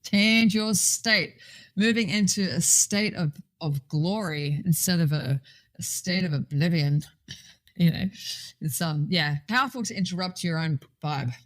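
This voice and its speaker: A woman talks in a loose, playful way, tossing in sing-song catchphrases as she goes. Her voice sits a touch low for a woman. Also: normal speed. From Swaziland. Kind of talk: casual chat.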